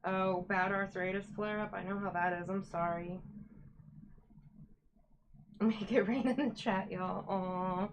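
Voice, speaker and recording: A woman's voice: medium pitch, fairly even intonation, takes it slowly, long pauses, muffled recording, a little hiss or hum. A woman hosting a casual live stream from home, chatting and greeting viewers by name while she dyes yarn. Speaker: livestream host dyeing yarn.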